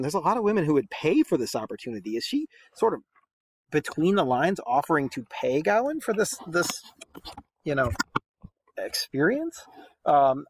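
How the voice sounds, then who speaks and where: A man's voice: mid-range voice, breathy edge, no room sound. A man teaching a poem in a casual lesson, chatty and full of rhetorical questions and fillers.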